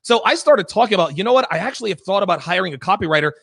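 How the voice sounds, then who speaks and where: A man's voice: high-pitched, expressive, racing, creaky, fairly bright tone, slightly rough, no echo. A man hosting a talk show, telling stories in a blunt, emphatic, profane way. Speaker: podcast host. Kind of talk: casual chat.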